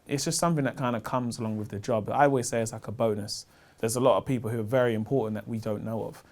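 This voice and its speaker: A man in his thirties with a South London accent, a stand-up comedian chatting casually in an interview, slangy and animated as he tells stories. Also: quick pace. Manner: animated, slangy storytelling, gets loud and high when excited.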